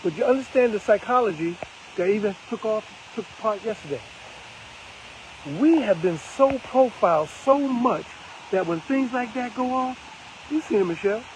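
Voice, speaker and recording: A man's voice: high-pitched, lively intonation, moderate pace, a little hiss or hum, low-quality recording. An older man hosting a live broadcast, talking in a preachy, emphatic way and repeating phrases for effect. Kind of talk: casual live-stream commentary.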